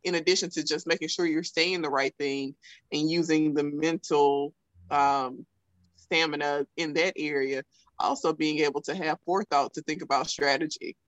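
A woman's voice: low-pitched, fairly even intonation, normal speed, dry recording, rough recording. A woman with a thick Southern accent hosting a podcast interview, talking casually with lots of "like.". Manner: casual, frequent fillers like "like". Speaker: podcast host. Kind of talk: conversational interview.

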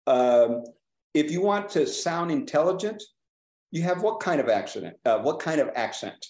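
A man from California, a trial lawyer speaking on a panel, animated and asking questions of the others. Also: a little high, moderate pace, echoey room. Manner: animated, asks the room questions. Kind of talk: panel discussion.

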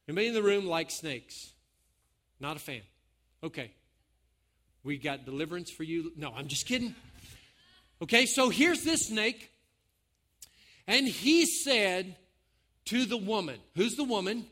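Animated, high-voiced man preaching. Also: unhurried, pauses often. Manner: animated, folksy, joking with the congregation. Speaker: pastor. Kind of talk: sermon.

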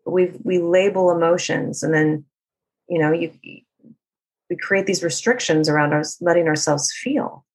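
A woman's voice: on the low side, normal speed, breathy edge. A woman life coach speaking in an earnest, reflective way, sometimes acting out people's inner voices as she talks. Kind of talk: casual conversation.

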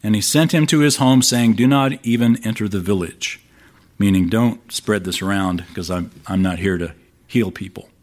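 A man's voice: fairly low pitch, normal speed. Man preaching a conversational sermon. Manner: conversational, wry asides, lively quoting of scripture. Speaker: pastor.

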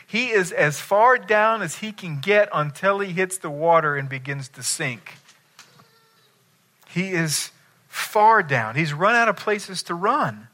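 Male pastor, bright forceful tone, slightly high voice, emphatic sermon delivery. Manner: emphatic, asks the congregation questions.

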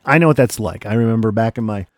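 A man's voice: lowish voice, fast, dry recording, clean studio sound. A man hosting a radio show, chatting in a laid-back way and often calling listeners "man". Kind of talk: casual radio DJ chat.

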